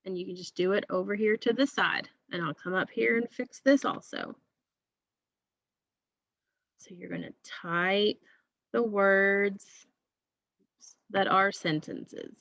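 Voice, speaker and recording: A woman's voice: medium pitch, slow, gravelly, long pauses, a bit bright, no echo, highs cut off. A woman teacher giving a recorded class lesson to young students, patient and repetitive, checking understanding with frequent okays.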